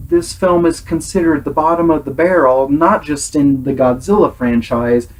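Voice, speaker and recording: A man's voice: fairly high pitch, darkish tone, low-quality recording. A man hosting a casual film review, earnest and exasperated in his critique. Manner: earnest, exasperated critique, sometimes imitates sounds.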